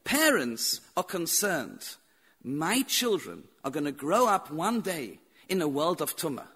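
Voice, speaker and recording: Animated, bright-voiced man giving a Torah lecture. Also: fairly high pitch, a little slow, slightly rough. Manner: animated storytelling with repeated phrases and rhetorical questions. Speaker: rabbi teaching.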